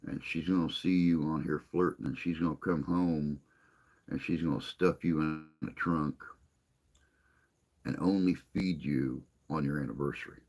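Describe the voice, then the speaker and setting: A man's voice: extremely low pitch, fairly even intonation, moderate pace, a little mellow. A man hosting a morning live stream, chatting casually and joking with viewers in a rambling way. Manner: rambling, joking, reads and answers chat.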